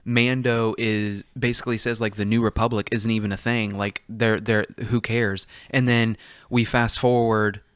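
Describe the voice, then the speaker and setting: A man with a fairly low, smooth and clear voice, talking casually as a podcast co-host. He rambles and gets animated, laughing between thoughts. The sound is dry and close to the mic. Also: moderate pace, no room sound. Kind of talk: casual chat.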